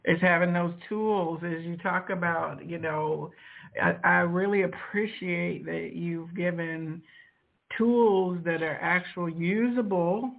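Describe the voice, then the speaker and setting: A woman hosting a spiritual podcast interview, thanking her guest in a gentle, grateful way. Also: on the low side, takes it slowly, creaky. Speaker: podcast host. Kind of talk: casual interview chat. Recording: tinny phone-like line.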